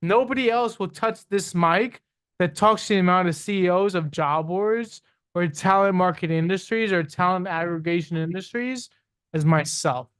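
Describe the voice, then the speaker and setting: Emphatic high-voiced man with hiccups. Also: normal speed, fairly bright tone, clean tone. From Guyanese roots. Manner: confident, emphatic, repeats phrases. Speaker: podcast guest, HR tech executive. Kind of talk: casual interview talk.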